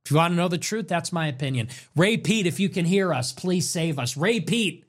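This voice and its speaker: A man's voice: a little high, expressive, a little fast. A young man hosting a livestream, ranting in a whiny, exaggerated way and piling up long lists of complaints. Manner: whiny, exaggerated complaining with swings between mock despair and outburst. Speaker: livestream host. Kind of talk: livestream rant.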